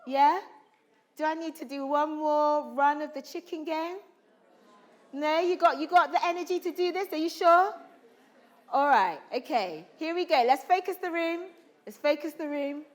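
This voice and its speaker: A woman's voice: sits high, unhurried. A woman leading a drama workshop for students, coaxing the group with constant questions and urging them to be bold. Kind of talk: energetic acting workshop coaching. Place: school hall or conference room.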